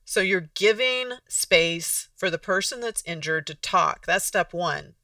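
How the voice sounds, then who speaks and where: A casual podcast host with a gravelly, bright voice, explaining things conversationally and acting out little example exchanges. The sound is dry, picked up from a bit away from the microphone. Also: medium pitch, lively intonation, unhurried, no room sound, distant mic. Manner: conversational, restarts sentences, acts out example dialogues.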